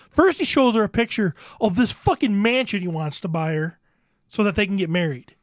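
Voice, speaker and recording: Brief: foul-mouthed exasperated comic storyteller, mid-pitched voice, dead-dry mic. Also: fairly quick, dry recording. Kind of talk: profane comedic rant.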